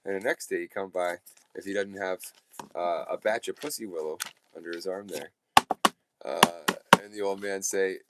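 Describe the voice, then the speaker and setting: A man's voice: sits low, fairly even intonation, moderate pace, heavy background noise. A man hosting a live radio show, telling a joke in a rambling, folksy way and correcting himself as he goes. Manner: rambling, self-correcting, peppered with "uh" and "there".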